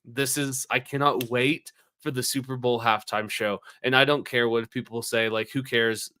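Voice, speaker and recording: A man's voice: mid-range voice, steady tone, normal speed, sharp tone, clear, resonant tone. A man co-hosting a podcast in casual banter, rambling and emphatic, swearing often. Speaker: podcast co-host.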